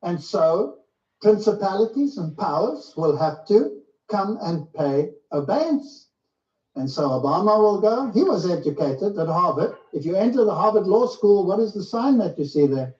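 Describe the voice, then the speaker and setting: A man's voice: high voice, sing-song, moderate pace, a little mellow. A man preaching a sermon-style lecture, emphatic and full of rhetorical questions to his listeners. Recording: echoey, distant, muffled.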